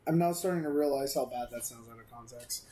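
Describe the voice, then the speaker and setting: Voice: medium pitch, fast talker, warm tone, poor audio. A gaming video creator giving casual let's-play commentary, rambling and self-amused, with many fillers.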